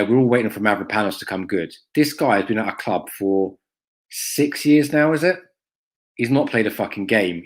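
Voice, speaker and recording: Brief: man, fan channel host, casual stream chat, low-pitched, blunt and profane, rambles with ums. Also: a bit bright. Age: adult, has a school-age son. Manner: blunt, sweary, lots of ums and "mate".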